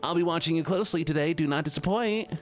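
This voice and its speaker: A man's voice: on the high side, fast, faint music behind, lightly acted. A man voicing a stern, demanding male store boss who gives cold, clipped orders.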